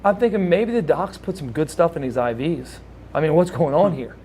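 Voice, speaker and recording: A man telling a personal story in casual speech, with halting restarts and lively acted-out quotes. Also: slightly rough. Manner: animated, acts out quoted voices with big pitch jumps; halting restarts and repeated words. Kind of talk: casual spoken anecdote.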